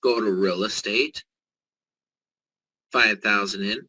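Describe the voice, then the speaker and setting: Brief: male presenter, eager live sales pitch, sharp bright timbre. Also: slow, breathy edge, low-quality recording. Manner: excited, salesy, joking.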